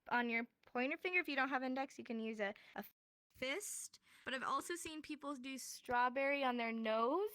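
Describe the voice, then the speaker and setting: Bright high-voiced woman teaching casually. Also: no room sound. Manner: upbeat, joking, explains step by step. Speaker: sign language teacher. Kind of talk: casual online class instruction.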